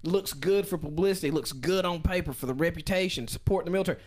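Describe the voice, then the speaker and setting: A man from Asheville, telling stories on a podcast in a lively, profane way. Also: on the high side, fast talker. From Asheville, North Carolina. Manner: animated, swearing, acts out quotes. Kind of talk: casual storytelling on a podcast.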